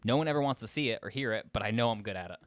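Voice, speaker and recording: A man's voice: lowish voice, lively intonation, racing, dry recording. A young man co-hosting a podcast in casual, crude, joking banter full of swearing. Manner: crude, swears a lot, jokey. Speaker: podcast co-host.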